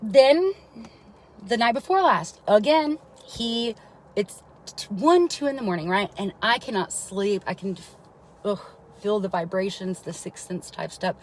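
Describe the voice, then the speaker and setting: A mother tells a long, meandering personal story on a live stream, swearing often and checking in with listeners by asking "right?" Her medium-pitched voice is unhurried, and the rough recording carries slight background noise.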